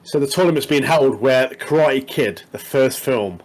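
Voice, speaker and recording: A man's voice: medium pitch, moderate pace, rough recording. A man co-hosting a podcast, recapping a TV episode in a casual, rambling way with tag questions and lots of "mate". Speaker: podcast co-host.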